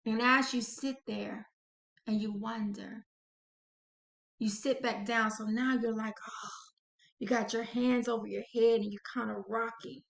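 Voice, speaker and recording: A woman hosting an inspirational channel, narrating a guided visualization slowly and dramatically, speaking to the listener as "you". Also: fairly high pitch, steady tone, gravelly. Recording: echoey room.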